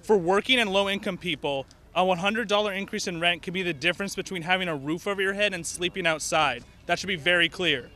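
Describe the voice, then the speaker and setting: Fast, forceful man at an outdoor rally. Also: high voice. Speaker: rally speaker. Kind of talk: speech at a tenant rally.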